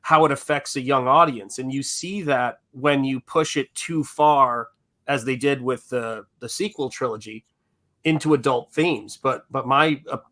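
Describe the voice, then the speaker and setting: A man chatting casually on a livestream, telling stories with enthusiasm and laughing easily. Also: mid-range voice. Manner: enthusiastic, animated storyteller who laughs easily. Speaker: co-host of a crowdfunding livestream. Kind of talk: casual chat. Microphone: video call.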